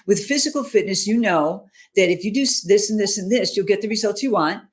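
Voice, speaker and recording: A middle-aged woman talking at an ordinary mid pitch, recounting a personal story as an interview guest over a video call. She speaks earnestly and often checks in with her listener. It is a natural, unpolished, conversational delivery. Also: fairly quick. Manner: earnest, peppers talk with "you know", "okay?" and "right?". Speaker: interview guest, mental fitness coach.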